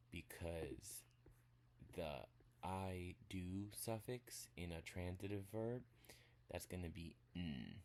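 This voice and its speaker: A man giving a casual spoken language lesson, walking through examples step by step in a relaxed way. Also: deep voice. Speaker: language teacher.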